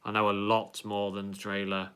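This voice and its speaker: On a live stream, a young man reads out viewer comments and talks at a normal speed, his delivery wandering and packed with ums and false starts. His voice is low, bright, and smooth, held to a steady, flat tone.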